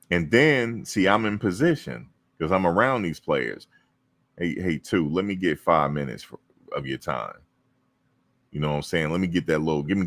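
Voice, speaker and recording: A man hosting a casual live-stream talk show, teasing and answering his viewers. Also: low-pitched. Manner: animated, teasing, talks to viewers and chat. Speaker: show host.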